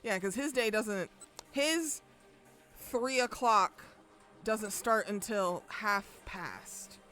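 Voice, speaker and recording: A young woman streams a game, chatting loosely and swearing freely as she reads along and jokes. Her voice sits at an ordinary middle pitch. Faint music plays under her talk. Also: very slow, bright, forceful tone. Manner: casual, profane, joking. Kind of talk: live game streaming chat.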